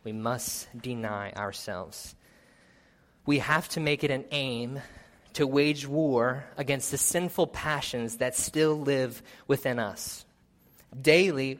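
A man preaching a sermon and reading scripture in an earnest, measured way, rising for emphasis and dropping low at solemn points. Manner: reads scripture aloud with measured pauses.

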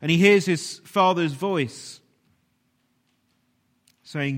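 Guy preaching a sermon in a big echoey hall, kinda high voice, earnest, goes soft and hushed sometimes. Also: lively intonation, moderate pace. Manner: earnest, sometimes dropping to a hushed near-whisper. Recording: long reverb of a large hall.

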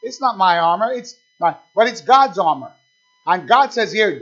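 A man's voice: sits high, animated, normal speed, fairly bright tone. A man preaching a sermon, emphatic and repetitive, calling out "amen" between points. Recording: dull lo-fi sound.

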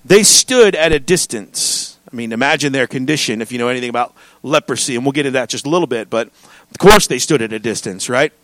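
A man preaching a sermon as pastor, reading scripture and joking with his congregation in an animated way. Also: mid-range voice, quick pace, dry recording.

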